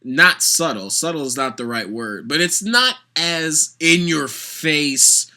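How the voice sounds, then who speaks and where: A vlogger giving a sarcastic, opinionated rant about pro wrestling, talking with animated, mocking energy. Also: mid-range voice, slow pace. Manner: sarcastic, animated, mocks fans with put-on voices. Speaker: wrestling commentator.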